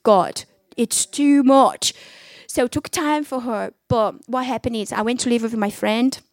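A woman's voice: on the high side, dry recording, clean studio sound. A woman giving an emotional personal faith testimony, talking animatedly in conversational English with non-native phrasing.

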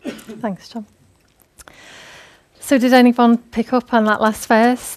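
A woman's voice: on the high side, flat delivery, slow, long pauses. Earnest woman preaching. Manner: conversational, earnest, laughing often. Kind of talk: sermon.

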